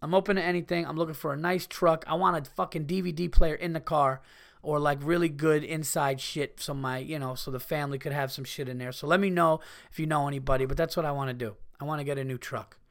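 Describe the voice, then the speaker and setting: A man hosting a casual solo podcast, ranting in a profane, animated way. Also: on the high side, fast, vocal fry. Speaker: podcast host.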